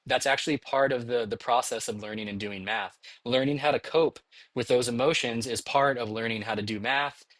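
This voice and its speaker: Narrating recorded lecture slides for his math course, a middle-aged instructor talks conversationally and encouragingly, often asking "okay?". His mid-range voice moves fairly quickly, sounds fairly bright, and has no echo.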